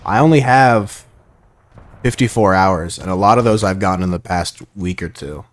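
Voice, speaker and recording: A man with a low voice streams a shooter game live, talking at a moderate pace. His chatter is casual, rambling and playful, and he reads viewer messages out loud as he plays.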